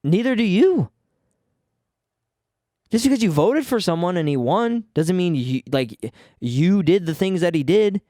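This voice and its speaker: A man's voice: sits high, expressive, normal speed, dark tone, dry recording, studio quality. A man hosting his own podcast, ranting casually with lots of swearing and stumbling restarts. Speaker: podcast host. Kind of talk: casual solo podcast rant.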